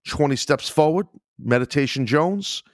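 A man's voice: a little high, lively intonation, moderate pace, no room sound, clean studio sound. A man hosting his own podcast, talking in a frustrated, agitated way, swearing and sighing often. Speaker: podcast host. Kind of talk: casual solo podcast rant.

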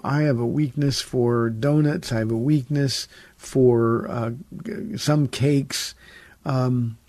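A man's voice: fairly high pitch, gravelly, mellow, slightly rough, dry recording. A man, a pastor hosting a call-in radio show, teaching the Bible in a folksy, conversational way with jokes and stern emphasis.

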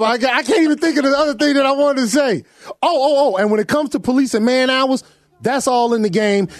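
Laid-back radio co-host with an African accent. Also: male voice, sits high. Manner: laid-back, slow and drawling. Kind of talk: talk radio banter. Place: radio studio.

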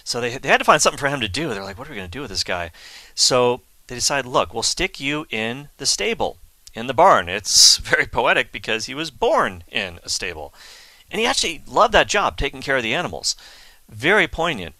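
A man's voice: medium pitch, big pitch swings, brisk, pushed and bright, dry recording. A man telling the life of a saint in a chatty, enthusiastic way, with asides and fillers. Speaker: Catholic speaker telling a saint's story. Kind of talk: casual storytelling talk.

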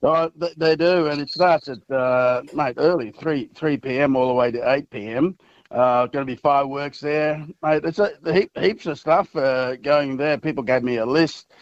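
Male mayor, radio guest, relaxed halting chat, lightly raised pitch, muffled audio. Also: dry recording. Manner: easygoing, says "mate" often, halting phrasing.

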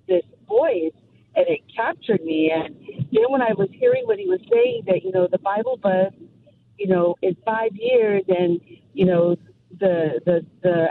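A woman calling in to a radio show, talking in an animated, rambling way. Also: a little high, creaky. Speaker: caller. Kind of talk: phone call to radio show. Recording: tinny noisy phone line.

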